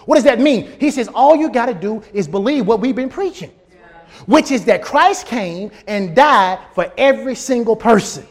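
Male pastor with a very high voice, lively pulpit delivery, heard in a large hall. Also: moderate pace, faint music behind. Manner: animated preaching, rising to shouts. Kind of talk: sermon.

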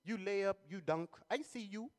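A man doing a cool, low-voiced shoe salesman. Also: normal speed, background noise, lightly acted. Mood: coaxing. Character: smooth-talking male shoe salesman, cool and unbothered. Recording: long reverb of a large hall.

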